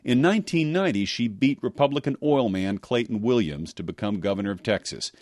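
A man reporting for radio news, narrating a scripted story in a measured, expressive delivery. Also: medium pitch, dry recording. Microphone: close studio mic.

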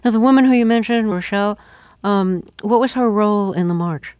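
An interview host asking calm, well-prepared questions on a radio interview. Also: mid-range voice, a little fast, no echo, studio quality.

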